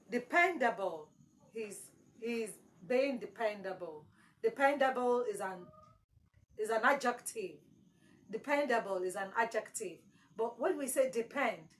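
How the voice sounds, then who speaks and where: Woman teacher, exam-prep lesson, slow and emphatic, repeats words, slightly high voice. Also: rough recording. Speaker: English teacher.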